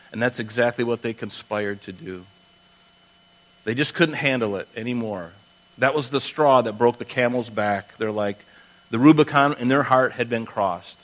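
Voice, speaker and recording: A man preaching a sermon and reading scripture aloud, conversational and emphatic, dropping low and quiet to stress a point. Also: moderate pace, rough recording. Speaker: pastor.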